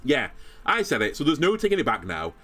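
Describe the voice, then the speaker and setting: Brash, determined young racer girl, read by a man, animated delivery over soft game music. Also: medium pitch, a little fast, pitched below the performer's own voice. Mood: fired-up. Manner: boastful, fired-up, determined.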